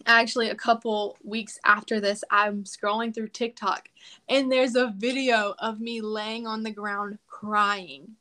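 A woman's voice: medium pitch, steady tone, unhurried, pushed and bright. A woman guest on a podcast, telling a personal story in a casual, emphatic way and acting out quoted prayers.

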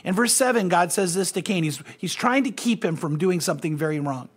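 A man's voice: high-pitched, animated, brisk, slightly rough. A man, a pastor, giving an earnest, conversational Bible teaching and speaking directly to his listeners.

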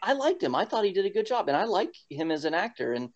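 A man's voice: high-pitched, sing-song, fast. A man with a slightly raised voice chats loosely on a podcast, rambling and filling gaps with "like" and "um." His laughs come often. The audio is dull and lo-fi. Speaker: podcast co-host. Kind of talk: casual chat.

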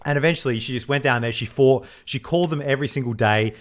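A man, co-hosting a podcast and telling a story in casual chat, animated, swearing freely and acting out the voices he quotes. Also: mid-range voice, quick pace. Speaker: podcast co-host.

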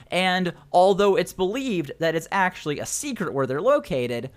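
A young man narrating as game master in a tabletop game, casual and quick to laugh. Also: on the high side. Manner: laughs often, casual and animated.

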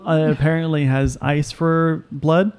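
A man's voice: fairly high pitch, level tone, a little slow, darkish tone, smooth. A young man co-hosting a casual family podcast, sarcastic and swearing often. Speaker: podcast co-host.

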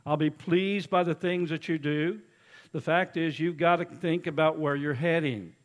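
A man preaching a sermon as executive pastor, telling folksy stories and swinging between loud urging and quiet low asides. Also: steady tone, moderate pace.

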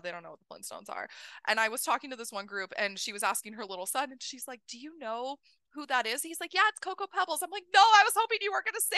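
A woman in her thirties hosting a podcast, telling a story in a casual, animated way, laughing often and acting out what people said. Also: a little high, dry recording, clean studio sound. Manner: animated, laughing, acts out quoted voices. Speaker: podcast host.

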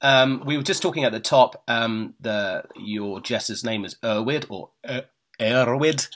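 A man's voice: mid-range voice, moderate pace, fairly bright tone. A man hosting an interview, chatting casually and rambling with many fillers. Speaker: interviewer host.

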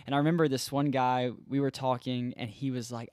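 An earnest young man shares a story in casual podcast conversation, slipping into the voices of the people in it. His voice sits at an average pitch, and the sound is dry and close. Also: level tone, fairly quick, a little mellow, dry recording. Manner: earnest, conversational, reenacts dialogue. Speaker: former intern, campus ministry worker.

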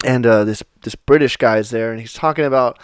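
A man's voice: medium pitch, a little fast, clear, resonant tone. An American man hosting a casual chat, telling stories loosely, swearing freely and laughing often. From United States. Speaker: podcast host.

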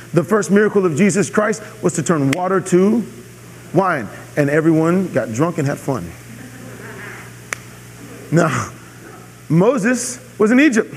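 A man preaches a sermon, pressing his points home by repeating them and checking in with the congregation. His voice sits high for a man. The sound carries the long echo of a large hall. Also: a little mellow, a little hiss or hum. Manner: emphatic, repeats key phrases, asks audience "are you with me". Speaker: pastor.

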